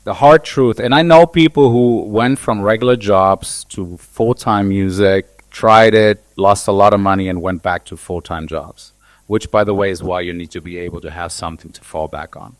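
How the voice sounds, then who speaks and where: A man's voice: low-pitched, moderate pace, dry recording. A man who is a DJ and producer, giving blunt, opinionated views on a live panel and swearing casually. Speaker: DJ and producer, guest.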